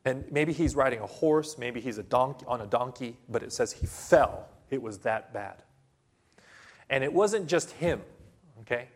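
A man preaching a sermon to a congregation, telling a story slowly and dramatically with sudden loud bursts. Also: medium pitch, expressive.

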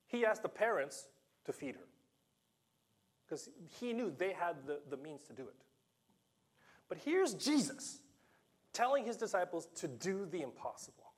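A man preaching a sermon to a congregation, animated and playful, acting out the dialogue of the scripture story with laughs and asides. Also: sits high, a little slow, long pauses, slightly rough. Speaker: pastor.

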